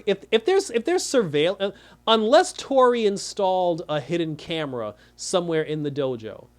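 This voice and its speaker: Male reviewer, somewhat high voice, animated rambling recap. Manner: animated, talks in rambling restarts and quoted asides. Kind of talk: casual episode recap.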